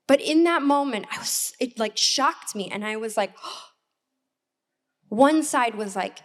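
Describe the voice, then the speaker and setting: A woman assistant pastor preaches in a church hall, speaking slowly. Her voice sits fairly high, and she talks in a candid, personal way with reflective pauses. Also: expressive. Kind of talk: sermon.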